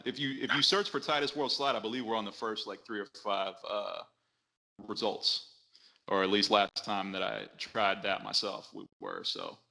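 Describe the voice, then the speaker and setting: A man talking as a podcast guest in casual chat, relaxed and rambling with frequent restarts. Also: fairly low pitch, normal speed, gravelly.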